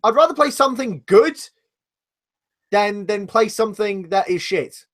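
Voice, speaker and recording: A man's voice: high voice, animated, moderate pace, fairly bright tone. A man with a British accent co-hosting a live podcast, blunt, sweary and argumentative. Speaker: podcast co-host. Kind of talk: casual live podcast banter.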